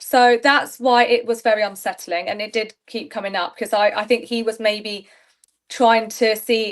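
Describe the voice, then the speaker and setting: Young adult woman, candid and chatty interview guest; slightly high pitch. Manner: chatty, candid, laughs often. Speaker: reality show contestant guest. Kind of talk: casual interview chat.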